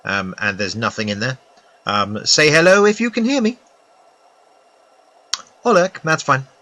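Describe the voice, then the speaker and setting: British man, game streamer, chatty self-mocking asides, bright tense voice. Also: medium pitch, unhurried, no room sound. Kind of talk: casual live-stream commentary. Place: at home with a laptop.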